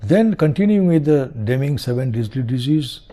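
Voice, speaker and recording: Hesitant male lecturer, mellow voice. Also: medium pitch, expressive, normal speed. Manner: hesitant, many fillers and checks like "is it okay?". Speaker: university lecturer. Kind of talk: recorded classroom lecture.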